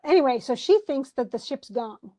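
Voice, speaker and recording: A woman teacher with a fairly high voice talks through a play in a relaxed, chatty way. She wanders off onto side topics. She keeps translating old phrasing into simple modern words. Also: moderate pace. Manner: chatty and digressive, paraphrasing old text into plain words. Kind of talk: informal lesson explaining a play.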